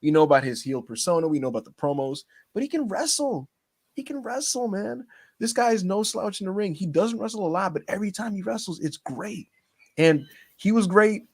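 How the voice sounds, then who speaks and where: Man, podcast co-host, casual chat, excitable, teasing, animated pitch, slightly high voice. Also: brisk, slightly rough.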